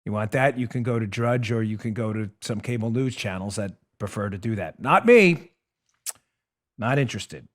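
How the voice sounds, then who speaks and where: A man hosting a political talk show, delivering an emphatic monologue straight to his listeners, dropping low and quiet and then building up loud. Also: lively intonation, moderate pace. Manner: emphatic, swings between hushed and raised; addresses listeners directly.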